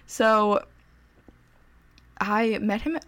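A young woman vlogger casually telling a story to the camera, chatty and excitable with a self-deprecating streak. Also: medium pitch, extremely slow. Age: young adult.

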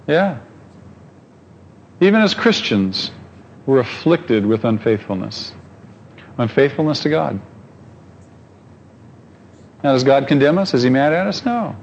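A man's voice: mid-range voice, animated, unhurried, gravelly, long pauses, lo-fi sound. A pastor preaching a conversational sermon, asking his congregation questions and telling stories.

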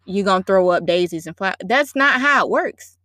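A woman's voice: medium pitch, lively intonation, normal speed, a bit bright, no room sound, studio quality. A woman co-hosting a podcast, talking casually with slang and emphatic asides. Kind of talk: casual conversation.

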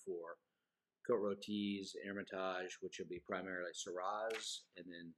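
A man's voice: deep voice, flat delivery, measured pace, fairly bright tone. A man co-hosting a wine podcast in casual chat, rambling and joking at his own slips. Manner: rambling, self-deprecating, joking.

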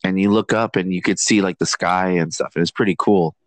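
A man's voice: low-pitched, steady tone, brisk, no echo, low-quality recording. A man chatting casually on a podcast, laid-back and hesitant, with lots of fillers. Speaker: podcast guest. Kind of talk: casual chat.

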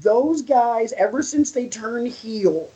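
A man co-hosting a podcast, excitable and animated, swearing casually in relaxed chat. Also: extremely high pitch, slow, husky, poor audio. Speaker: podcast co-host.

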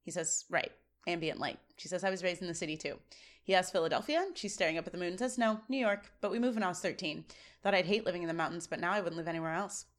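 A woman's voice: lowish voice, fast talker. A woman co-hosting a podcast, recapping a sitcom episode in casual chat and acting out the lines as she goes. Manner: animated retelling, acting out lines. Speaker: podcast co-host.

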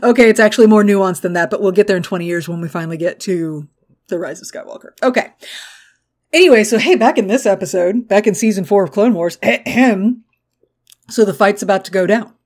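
A woman with a Texas accent, co-hosting a podcast in casual chat, animated and quick to laugh and swear. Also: medium pitch. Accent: Texan. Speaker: podcast co-host.

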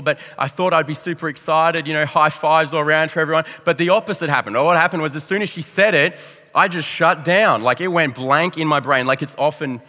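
Bright-voiced Australian pastor in a hall. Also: male voice, fairly high pitch, fast. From Victoria, Australia. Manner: animated, self-deprecating, acts out quotes. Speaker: youth pastor. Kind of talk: storytelling sermon. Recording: long hall reverb.

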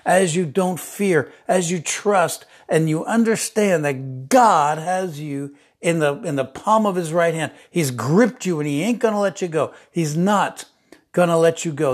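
A middle-aged man preaching a sermon, emphatic, repeating key phrases and dropping to a hush for tender lines. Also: on the high side.

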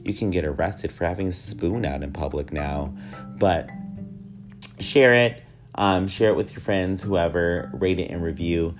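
Man, 30s, nasal voice, deep and low, joking rambling podcast host, quiet guitar music underneath. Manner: joking, rambling, self-mocking. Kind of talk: casual solo podcast monologue.

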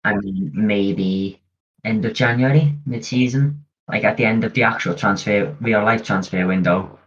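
Man, easygoing podcast chat, lowish husky voice, dull lo-fi recording. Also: unhurried. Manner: easygoing, chatty, planning aloud. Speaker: podcast co-host. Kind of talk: casual chat. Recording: dull lo-fi audio.

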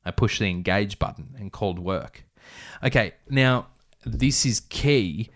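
A man's voice: fairly low pitch, unhurried. A man reads his own story aloud and keeps stopping for wry, joking asides. His delivery is casual and conversational.

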